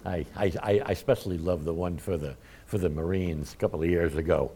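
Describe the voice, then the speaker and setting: A man's voice: low-pitched, fairly even intonation, brisk, dark tone, slightly rough. A middle-aged man preaching a conversational sermon in a folksy, self-deprecating way, chuckling often. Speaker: pastor.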